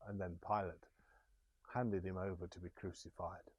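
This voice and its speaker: A man retelling scripture slowly and deliberately, with small restarts. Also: sits low, little pitch movement, slightly rough, dry recording. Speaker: scripture reader. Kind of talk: scripture storytelling.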